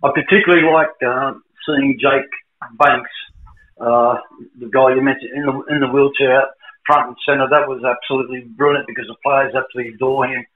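An older man with an Australian accent, a guest in a casual chat, talking in a halting way and repeating words. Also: medium pitch, fairly even intonation. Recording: tinny phone line with roomy echo.

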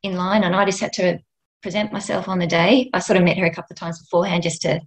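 Middle-aged Australian woman, gently emotional podcast guest, gravelly texture. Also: fairly low pitch, steady tone, fast, rough recording. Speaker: end of life doula and nurse, guest. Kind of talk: podcast interview, storytelling.

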